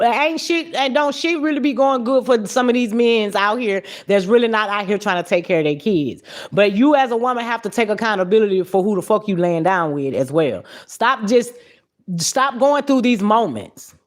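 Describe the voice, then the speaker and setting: A woman hosting a live stream, reacting to clips and chatting with viewers in a blunt, profane, animated way. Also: on the high side, moderate pace. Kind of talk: casual live-stream commentary.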